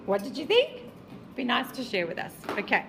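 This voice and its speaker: South African woman teacher, high voice, emphatic and repetitive, lecturing a class. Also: wildly swooping pitch, normal speed, gravelly, reverberant, music in the background, rough recording. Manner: emphatic, repeats points, quizzes the class.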